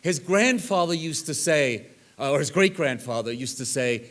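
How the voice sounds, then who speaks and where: An older man speaking at a reunion, telling animated anecdotes and acting out the people in them. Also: on the high side, moderate pace. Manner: animated anecdote teller, acts out others' lines. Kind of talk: storytelling talk.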